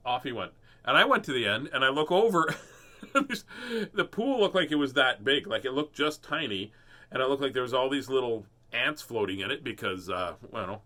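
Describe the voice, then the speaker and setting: A middle-aged man with a bright, forceful voice tells a rambling personal story in an animated, casual way, chuckling as he goes. He then reads a children's picture book aloud for his listeners. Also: mid-range voice, normal speed. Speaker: host reading children's books.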